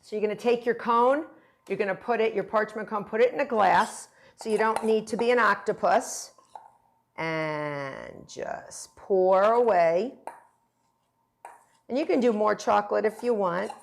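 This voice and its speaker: A woman's voice: mid-range voice, measured pace, gravelly. A middle-aged woman chef giving a chatty, playful, encouraging cooking demonstration. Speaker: cooking instructor.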